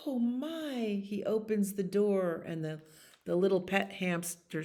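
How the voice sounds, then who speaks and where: A woman librarian reading a bedtime story aloud to children, gentle and expressive, with chatty asides. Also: medium pitch, takes it slowly.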